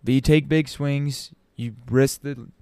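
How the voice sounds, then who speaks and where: A man's voice: medium pitch, steady tone, unhurried, darkish tone, clear, resonant tone, dry recording. A man talking casually to his audience as a commentator, opinionated, with frequent ums and restarts. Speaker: sports commentator. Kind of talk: casual basketball talk.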